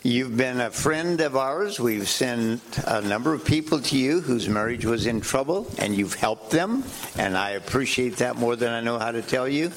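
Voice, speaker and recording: A man's voice: mid-range voice, expressive, normal speed, hardly any pauses, slight background noise. A man, the church's pastor, giving an announcement and then introducing a guest speaker with personal thanks.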